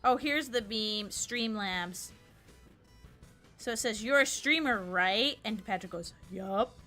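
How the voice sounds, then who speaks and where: A woman's voice: mid-range voice, slow, sharp tone, soft background music. A woman streamer chatting casually while playing a game, telling stories in a rambling way. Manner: chatty, storytelling, lots of "I was like". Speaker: streamer host. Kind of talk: casual chat while gaming.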